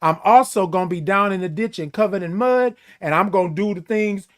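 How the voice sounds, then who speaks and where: A man's voice: sits high, brisk. A man hosting a casual morning livestream, speaking in an emphatic, preachy way and greeting viewers by name. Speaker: host.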